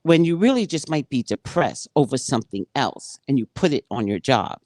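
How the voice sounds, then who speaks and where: A woman who works as a psychic, reading from a spiritual book and commenting on it, acting out dialogue like an animated storyteller. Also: very deep voice, moderate pace, dry recording.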